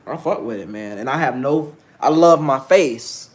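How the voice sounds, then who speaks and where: A man's voice: medium pitch, expressive, normal speed. A man in his thirties hosting a casual livestream, talking brashly and preaching at his viewers, challenging chat to answer him. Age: 30s. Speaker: livestream host.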